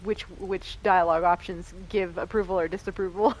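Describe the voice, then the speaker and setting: A woman's voice: on the low side, fairly even intonation, normal speed. A young woman playing a video game and chatting casually, laughing often and reading dialogue choices aloud. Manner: reads dialogue options aloud. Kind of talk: casual let's-play commentary.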